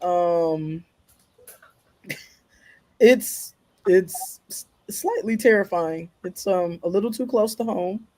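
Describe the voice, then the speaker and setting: A panelist on a podcast speaks earnestly about a frightening news story, pausing often and filling the gaps with "um." The sound is dry and close, with no room echo. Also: medium pitch, mellow. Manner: earnest, halting, with many fillers.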